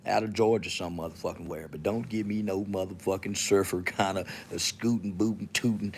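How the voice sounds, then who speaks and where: A man's voice: deep voice, steady tone, fairly quick, slight background noise. A man from Texas with a Southern accent, hosting his podcast alone in a profane, swaggering, mocking rant. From Texas, USA. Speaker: podcast host. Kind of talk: solo monologue to camera.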